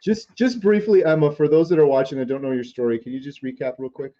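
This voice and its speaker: A man hosts an interview in a relaxed, conversational way, prompting guests and adding his own comments. His voice is somewhat high yet mellow and dark, and the audio is a little dull. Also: quick pace. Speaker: interview host. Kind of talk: interview hosting.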